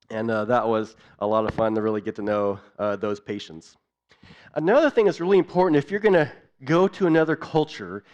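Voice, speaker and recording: A man's voice: medium pitch, clear, resonant tone. A man giving a church missions talk in an earnest way, building his points through repeated lists, in a dull lo-fi recording. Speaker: missions speaker.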